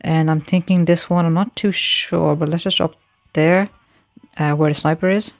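Gravelly, flat-voiced man commenting gameplay. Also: a little high, moderate pace, no echo. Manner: thinks aloud, self-correcting, addresses viewers as guys.

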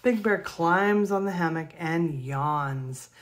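A woman reading a children's picture book aloud in a gentle, expressive way. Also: lowish voice, slow pace. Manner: gentle, expressive read-aloud with gasps and soft laughs. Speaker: storybook reader.

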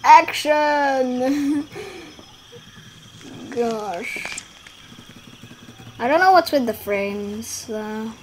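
Giggly high-voiced woman gaming. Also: drawn-out words, long pauses, slight background noise. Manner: giggly, rambling, trails off mid-sentence; bursts into excited shouting at the action. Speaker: gaming YouTuber. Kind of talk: casual gameplay commentary.

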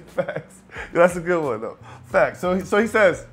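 Animated Brooklyn man spinning a story. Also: sits high, moderate pace, soft background music. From Brooklyn, New York. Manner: animated, acts out the other people in his story, keeps asking "you know what I'm saying". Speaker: rapper guest. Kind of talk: storytelling in a casual interview.

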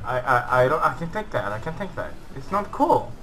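Excitable young man commentating a game. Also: medium pitch, brisk, a little hiss or hum, low-quality recording. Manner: excitable, swearing, yells at the bots. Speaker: gaming channel host. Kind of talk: gameplay commentary.

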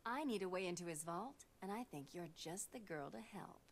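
A woman's voice: fairly low pitch, animated, fairly quick, slight background noise. A woman playing a sly, flirtatious female cat burglar in a video game, with a teasing, playful delivery. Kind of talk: video game cutscene acting.

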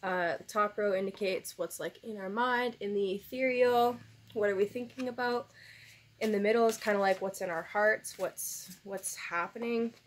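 A woman's voice: medium pitch, steady tone, normal speed. A woman tarot reader in a casual vlog, emotional and teary, sighing and laughing as she rambles gratefully. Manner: soft, rambling, many fillers. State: tearful.

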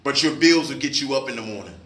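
A man's voice: medium pitch, expressive, fast, pushed and bright. A man, a pastor, preaching a sermon, asking his congregation questions in call-and-response style. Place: church. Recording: echoey room, mic at a distance.

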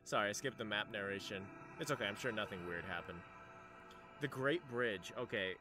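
A man's voice: lowish voice, brisk. A man streaming a game live, chatting playfully with viewers and laughing often. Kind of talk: casual live-stream chat while playing. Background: loud game music.

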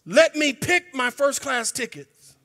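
A man preaching a sermon in a church, emphatic and colloquial, sometimes breaking into shouts. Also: extremely high pitch, expressive, slow. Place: church sanctuary. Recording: long hall reverb.

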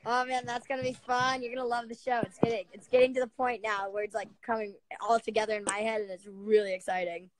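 Bubbly high-voiced female live-streamer. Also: fast, few pauses, a little hiss or hum. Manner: bubbly, excitable and chatty. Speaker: livestream host. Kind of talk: casual live-stream chat with viewers. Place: her bedroom. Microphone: laptop or phone live stream.

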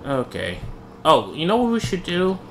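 A man's voice: fairly high pitch, wildly swooping pitch, moderate pace, a loud crowd. A young man chatting casually while playing a video game, joking and easily startled. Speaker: gamer. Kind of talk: casual gameplay chat. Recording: faint background noise.

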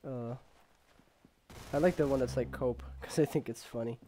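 A young man casually commenting on his gameplay, rambling with lots of fillers and jokes, and sometimes yelling when excited. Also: medium pitch, normal speed, a little hiss or hum. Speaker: gamer.

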